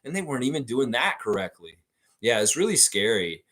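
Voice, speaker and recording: A man's voice: mid-range voice, very animated, a little fast, a bit bright. A man hosting a casual livestream, reacting to a game and reading viewer chat aloud in a goofy, blunt, ranting way.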